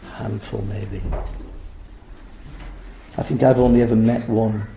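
A man's voice: fairly low pitch, flat delivery, measured pace, vocal fry, warm tone, roomy sound, a little hiss or hum. A man preaching a sermon in a church, speaking emphatically and repeating phrases for stress.

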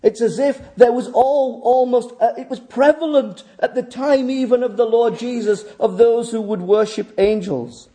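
A man preaching a sermon in a measured, emphatic way, pausing deliberately between phrases. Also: extremely high pitch, dark tone.

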